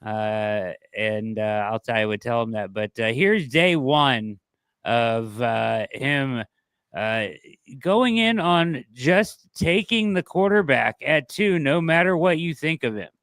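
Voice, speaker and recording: A man co-hosting a sports podcast, speaking in a halting way with many pauses and "uh"s. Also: mid-range voice, expressive, a bit bright, clean tone, no echo. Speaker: podcast co-host. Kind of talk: casual sports podcast talk.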